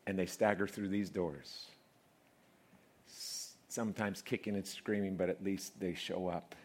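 A male pastor delivering a sermon to his congregation in church. He talks in an animated, conversational way, dropping low for asides and climbing high and loud at the peaks. Laughter comes easily between points. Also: measured pace. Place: church before a live congregation.

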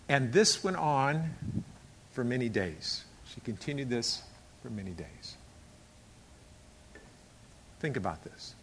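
A male pastor preaching a sermon emphatically. He acts out quotes and swings between hushed and loud delivery. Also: medium pitch, animated, measured pace, long pauses, slight background noise.

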